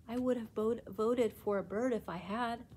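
A woman voices an earnest young schoolboy, pitching above her own voice while staying close to an everyday sound. The result is fairly high and dark in tone at a moderate pace, with a little hiss or hum.

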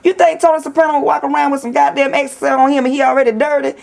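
A woman's voice: sits high, little pitch movement, racing, creaky, darkish tone, a little hiss or hum. A woman with a Southern accent ranting in a brash, profane, mocking vlog while sitting in a nail salon. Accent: Southern US, Atlanta area. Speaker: vlogger.

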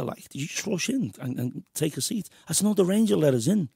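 Brief: English host, gravelly husky voice, chatty storyteller. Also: male voice, high-pitched, animated, quick pace, darkish tone, no echo, clean studio sound. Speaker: host and musician. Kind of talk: casual interview chat.

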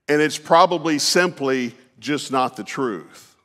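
A man's voice: a little high, lively intonation, a bit bright. Folksy preacher man in a reverberant hall. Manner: folksy, unhurried, with frequent fillers and restarts. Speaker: pastor. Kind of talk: conversational sermon with personal storytelling. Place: church sanctuary. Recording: long reverb of a church hall.

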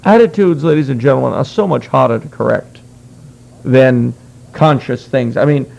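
Gravelly-voiced man lecturing on history. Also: medium pitch, normal speed, a little mellow, low-quality recording. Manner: wry asides among earnest explaining. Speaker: guest speaker.

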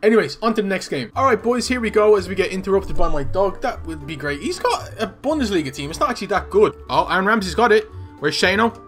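Young man, high lively voice, bright tone, gameplay commentary, faint music behind. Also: quick pace. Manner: excitable, shouts and laughs at goals. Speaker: gaming YouTuber.

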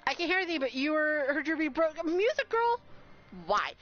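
A woman streamer, talking to her live chat in an excited, overwhelmed rush of exclamations. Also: sits high, fairly quick. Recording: slightly dull sound with faint noise.

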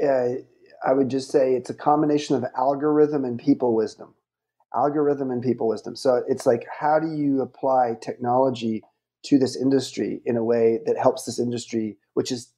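A middle-aged man speaks as a guest on a podcast interview, his voice mellow and warm at an ordinary pitch. He talks in measured, reflective phrases, now and then pausing with an um.

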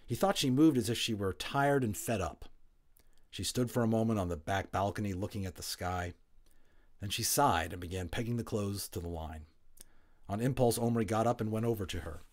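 A man reading a novel aloud as an audiobook, relaxed, with chatty asides and small slips. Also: on the low side, moderate pace. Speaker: audiobook reader, voice actor.

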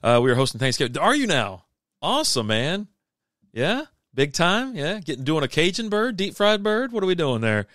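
Middle-aged male host, easygoing rambling chat, smooth close dry sound. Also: fairly high pitch, sing-song, moderate pace, a bit bright, dry recording. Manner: rambling, laid-back, lots of fillers and restarts. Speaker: livestream beer show host. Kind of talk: casual chat reading live comments.

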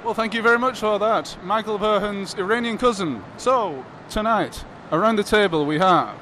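A man hosts a live podcast, bantering and introducing his guests in a brisk, announcer-like way. His voice sits high, with faint noise around him in a convention hall. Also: bright, forceful tone. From Lancashire. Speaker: podcast host.

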